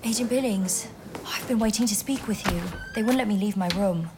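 A woman's voice: mid-range voice, fairly quick, very noisy, close to an everyday voice. An actress playing a stern, suspicious female intelligence agent in a radio drama, speaking bluntly.

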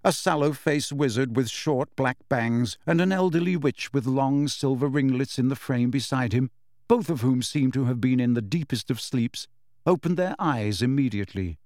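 A man narrating an audiobook in expressive storytelling fashion. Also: mid-range voice, moderate pace, no echo, clean studio sound. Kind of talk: scripted narration.

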